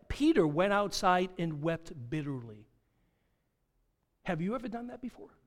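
A man preaching a sermon, dramatic, asking rhetorical questions and acting out quoted dialogue. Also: high-pitched. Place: church sanctuary. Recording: long hall reverb.

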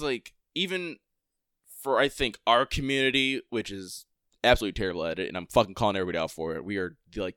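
A podcast co-host rants fast and emphatically in a casual style, leaning heavily on fillers. His mid-range voice is bright and forceful, captured in a smooth, dry, studio-quality recording.

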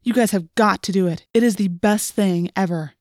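An eager teenage boy bursts with enthusiasm, as a woman reads him in an audiobook, his mid-pitched voice rising as he talks. The sound is close and dry. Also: normal speed, a little mellow, no room sound, lightly acted. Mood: excited. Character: eager teenage boy who loves flying. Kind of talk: audiobook reading.

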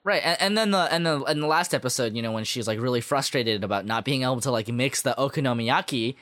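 A man's voice: mid-range voice, fast, fairly bright tone, dry recording. A man chatting casually about a show, rambling with many fillers and restarts, enthusiastic about what he likes. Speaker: podcast co-host discussing an anime. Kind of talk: casual chat.

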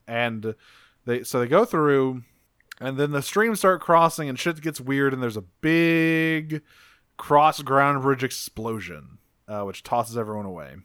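A man recaps a cartoon episode for a podcast in loose, profane, animated storytelling. His voice is bright and crisp, with a smooth clarity. The sound is dry and close, with no room to it. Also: mid-range voice, measured pace, no room sound. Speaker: podcast co-host.

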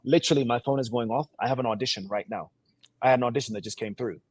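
A man's voice: medium pitch, racing, breathy edge, dry recording. A man from Sierra Leone speaking with a put-on English accent, an actor talking energetically and boastfully as a guest co-host. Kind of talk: casual interview chat.

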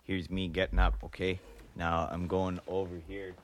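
An actor playing a goofy, teasing Canadian hoser brother on a comedy album, joking in a Canadian accent. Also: male voice, deep voice, flat delivery, normal speed, very noisy, lightly acted. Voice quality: teasing, goofy, laughs at his own jokes. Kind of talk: improvised comedy album sketch.

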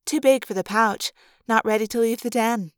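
A woman voicing a soft-hearted teenage girl who speaks gently. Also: a little high, normal speed, clear, resonant tone, no room sound, studio quality, lightly acted. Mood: gentle.

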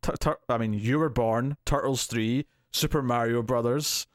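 A man's voice: medium pitch, normal speed, no echo, studio quality. A man co-hosting a movie review podcast, chatting casually and laughing often. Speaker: podcast co-host.

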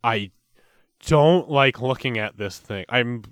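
Smooth, rambling podcast co-host man. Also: medium pitch, slow pace, fairly bright tone, no room sound, clean studio sound. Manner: rambling, profane, mock-outraged. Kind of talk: casual comedic chat.

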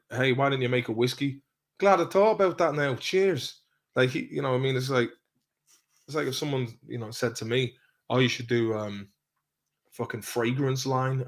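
A man in casual podcast chat, rambling and swearing, often trailing off into mumbles. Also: medium pitch.

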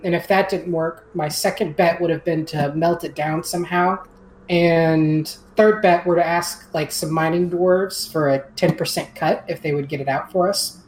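A young woman playing a tabletop game in casual chat, excitable, swearing freely and stammering when upset. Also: on the low side, reverberant, a little hiss or hum, rough recording.

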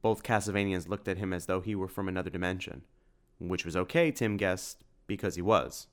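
Male audiobook narrator, low and resonant; steady storytelling. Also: a little fast.

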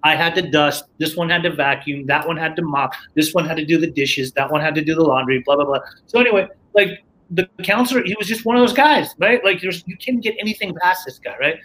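A man's voice: fairly high pitch, fairly quick, a bit bright, rough recording. A man casually telling a story from his recovery, rambling with lots of fillers and restarts.

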